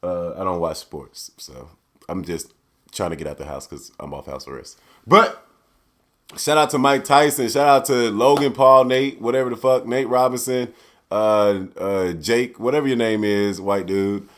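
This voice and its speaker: A young man hosting a casual solo podcast, loose and profane, swinging from loud outbursts to low mutters. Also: moderate pace. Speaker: podcast host.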